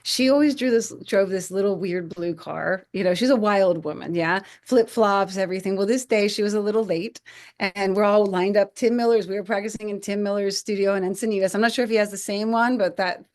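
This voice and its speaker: A woman in her forties, a podcast guest, telling stories in an animated way, acting out quotes and often restarting her phrases. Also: mid-range voice, fairly quick. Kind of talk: conversational podcast storytelling.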